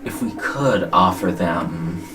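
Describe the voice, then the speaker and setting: A man's voice: sits low, expressive, takes it slowly, noisy background. A man playing a tabletop game, chatting in an easygoing, jokey way. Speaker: player. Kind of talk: casual tabletop game chat.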